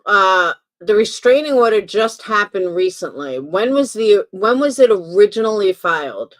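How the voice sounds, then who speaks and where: A woman's voice: mid-range voice, lively intonation, normal speed. A woman hosting a commentary stream, giving emphatic, opinionated reactions in a casual way. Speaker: commentary channel host.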